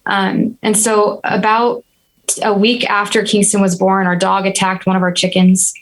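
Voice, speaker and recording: A woman in her thirties speaks as a podcast guest, recounting a personal ordeal with earnest, reflective candor. Her pitch sits in a middle register and stays fairly level, with little rise and fall. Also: a little slow, rough recording. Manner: earnest, reflective, steady and even-toned. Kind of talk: candid personal storytelling.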